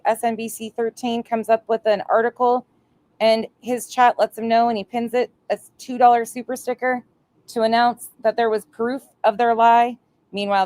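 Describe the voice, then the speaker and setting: A woman's voice: a little high, darkish tone. A woman with a nasal voice, hosting reaction commentary with sarcastic, profane remarks. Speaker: commentary channel host.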